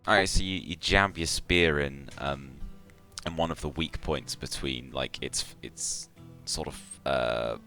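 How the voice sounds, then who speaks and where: Man, very low voice, game master, halting delivery, faint music behind. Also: sharp tone. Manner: hesitant, many fillers and restarts. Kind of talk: narrating a tabletop game live.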